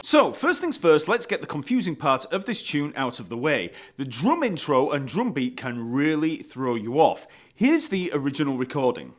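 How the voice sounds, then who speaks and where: A man teaching an online bass lesson, explaining step by step and counting beats aloud. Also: very animated, normal speed, few pauses, soft background music.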